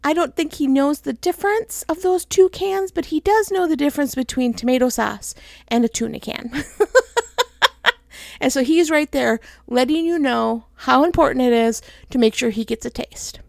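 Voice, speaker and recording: High, gravelly-voiced woman podcast host. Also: moderate pace, no room sound, clean studio sound. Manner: chatty, laughs often. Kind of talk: casual solo podcast chat.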